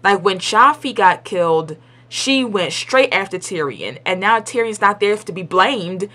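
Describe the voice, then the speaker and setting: A woman's voice: medium pitch, expressive, measured pace, sharp tone. A young adult woman gives a casual spoken episode review at home. She rambles and is blunt and opinionated, with lots of "like" and restarts. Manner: chatty and rambling, full of "like" and restarts; blunt and opinionated, with colloquial grammar.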